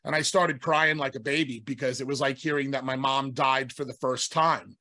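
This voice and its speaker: A middle-aged former wrestler who co-hosts a podcast tells rambling stories in casual chat, constantly restarting and interrupting himself. His mid-range voice is steady, bright and forceful, at a moderate pace.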